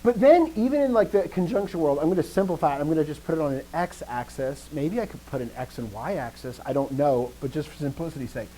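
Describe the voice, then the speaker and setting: A man's voice: a little high, a little fast, hardly any pauses, mellow, a little hiss or hum, rough recording. Upbeat male grammar teacher. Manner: affirms students often, joking asides. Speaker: language teacher. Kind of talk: live grammar lesson.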